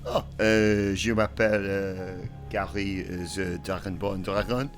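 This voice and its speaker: A man's voice: sits low, steady tone, measured pace, faint music behind. A man voicing a bumbling male dragonborn in a hesitant mock French accent during tabletop role-play.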